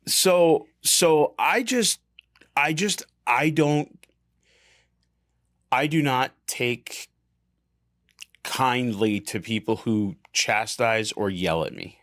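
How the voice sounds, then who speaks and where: A man's voice: mid-range voice, drawn-out words, pauses often, a bit bright, no room sound, clean studio sound. A man co-hosting a podcast, telling a story in casual chat, full of fillers and swearing, and acting out the lines he quotes. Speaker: podcast co-host.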